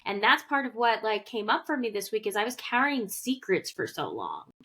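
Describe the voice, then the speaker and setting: Woman co-host, high-ish bright tone, reflective and supportive, casual chat. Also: sing-song, moderate pace. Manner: reflective, peppers speech with "like"; supportive, asks gentle questions. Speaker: podcast co-host.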